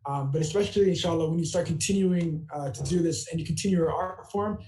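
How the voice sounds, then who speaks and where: A man giving a judge's feedback over a video call, halting with many fillers. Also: on the high side, warm tone. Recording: echoey room on a call.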